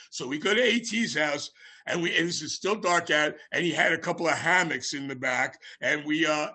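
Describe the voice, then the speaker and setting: A man's voice: a little high, slightly rough. A man hosting a podcast interview, telling casual, rambling anecdotes with plenty of fillers and restarts. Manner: rambling anecdotes with many fillers, shouting out quoted lines. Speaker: podcast host.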